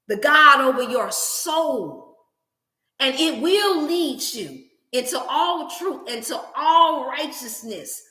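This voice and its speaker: A woman hosting a motivational wellness livestream, preaching in an animated, scripture-laced way. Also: high voice, echoey room. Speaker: wellness channel host.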